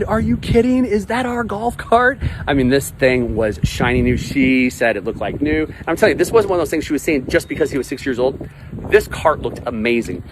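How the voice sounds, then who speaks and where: Forties male coach talking to camera outdoors, blunt and emphatic with some swearing, traffic noise clearly heard. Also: mid-range voice. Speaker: life coach. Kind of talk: motivational vlog monologue. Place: outdoors by a pond with ducks.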